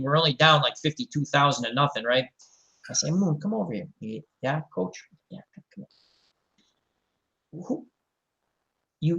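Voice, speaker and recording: Middle-aged male host, casual chat, rambling storyteller, slightly higher voice. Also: gravelly, dull audio. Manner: rambling, animated storyteller acting out quotes. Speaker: show host.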